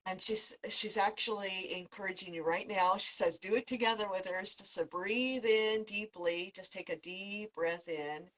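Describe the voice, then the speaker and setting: A woman leads an intuitive pet reading, her voice soft and unhurried. Her pitch sits at a middle height, and her delivery stays gentle and calm throughout. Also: slight background noise, rough recording. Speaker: animal communicator, podcast host.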